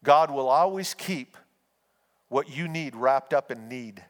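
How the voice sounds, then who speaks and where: Slow yet animated, a man with a mid-range voice delivers a sermon as pastor, mixing homespun anecdotes with earnest exhortation. A long hall reverb trails his words.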